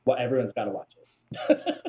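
A man co-hosting a podcast, relaxed and self-deprecating as he tells a story in casual chat. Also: medium pitch, normal speed. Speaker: podcast co-host.

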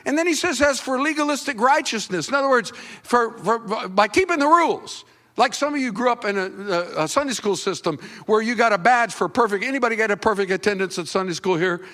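A man preaching a sermon as pastor, talking conversationally and teasing the congregation, then acting out quotes in sudden high, loud bursts. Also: a little fast.

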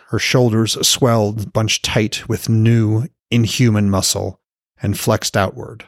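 Low-voiced man reading fantasy fiction. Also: measured pace, no room sound, clean studio sound. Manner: steady storytelling reading. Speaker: author and podcast narrator. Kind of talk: scripted audiobook narration.

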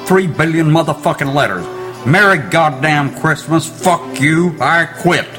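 A man's voice: a little high, animated, a little slow, pushed and bright. A man playing a bitter, foul-mouthed old Santa who rants about his thankless job, from a comedy album with music behind. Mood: ranting. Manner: profane ranting.

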